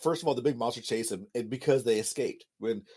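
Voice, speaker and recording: A man co-hosting a podcast in casual chat, mocking and animated, acting out quotes and laughing often. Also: medium pitch, fast, husky. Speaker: podcast co-host.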